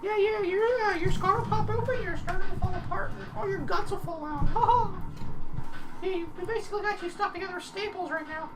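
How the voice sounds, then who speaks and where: A woman's voice: very high voice, a little fast, distant mic, music in the background. A woman voicing a fussy, rambling male school nurse with a rude streak while playing a visual novel with friends. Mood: joking. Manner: rambling, stumbling over words, laughing. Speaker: let's play player.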